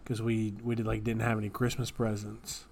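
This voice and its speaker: A man's voice: fairly low pitch, a little fast, creaky, a little hiss or hum. A man co-hosting a podcast, telling absurd made-up stories with a straight face in casual chat. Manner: deadpan, straight-faced storytelling of absurd tales. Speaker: podcast co-host.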